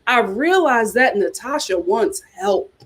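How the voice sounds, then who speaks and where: A sassy woman hosts a casual reality TV commentary livestream. Her high voice swings widely up and down as she reacts and reads viewer chats. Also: expressive, slow pace.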